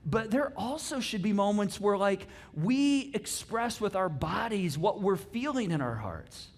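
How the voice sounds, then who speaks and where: A middle-aged man, a pastor, giving a conversational sermon with lively asides and frequent restarts. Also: high-pitched, measured pace. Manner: animated and chatty, with many restarts and asides.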